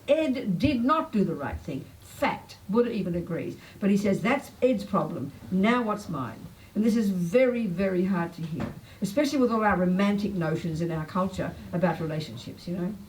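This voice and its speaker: An older woman teaching a public Buddhist talk, blunt and emphatic, pitch swinging up when she makes a point. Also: darkish tone, distant mic, low-quality recording. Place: talk venue. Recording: faint noise, voice a bit off-mic.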